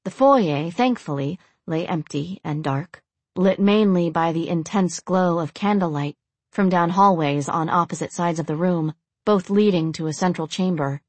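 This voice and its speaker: A woman reads a dark, suspenseful story aloud in an even audiobook manner. Her voice sits on the low side for a woman, and the recording is dry and close with no room sound. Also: moderate pace, no room sound. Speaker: narrator. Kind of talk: audiobook narration.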